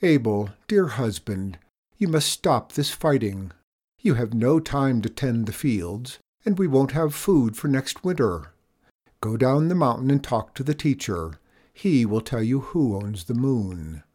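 A man's voice: mid-range voice, very animated, a little slow, darkish tone. A man voicing a farmer's wife who pleads earnestly with her husband, in a storybook reading. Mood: pleading.

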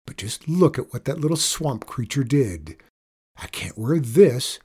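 A man voicing a scornful teenage girl in a spoken story, shrill and accusing. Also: sing-song, measured pace, warm tone, breathy edge, full character voice. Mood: indignant. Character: bratty teenage girl, scornful older sister. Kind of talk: audiobook character voice.

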